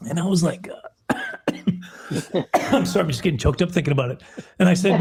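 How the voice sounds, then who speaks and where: A man's voice: fairly high pitch, very animated, normal speed, long pauses, a little mellow, a little hiss or hum. A man, a film producer, telling a long rambling story in a casual interview, self-deprecating and often restarting his sentences.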